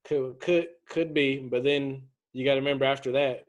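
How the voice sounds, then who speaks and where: A man's voice: mid-range voice, steady tone. Laughing man co-hosting a podcast. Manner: laughs often, halting restarts. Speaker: podcast co-host. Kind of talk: casual chat.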